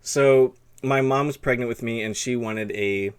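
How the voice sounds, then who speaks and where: A man's voice: medium pitch, a little slow, clear, resonant tone. A man hosting a live stream, chatting in a rambling, casual way and reading chat aloud. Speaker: streamer host.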